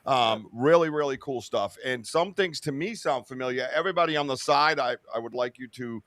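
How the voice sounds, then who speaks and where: A man with a Boston accent, hosting a casual livestream podcast, loud and jokey. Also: medium pitch, fairly quick, no room sound. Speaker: podcast host.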